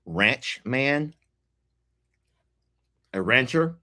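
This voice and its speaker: A man's voice: on the low side, fairly bright tone. A man chatting casually to viewers while eating, folksy and teasing. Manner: slow, folksy, teasing, laughs often, talks while eating. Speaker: food vlogger. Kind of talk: casual mukbang chat to viewers.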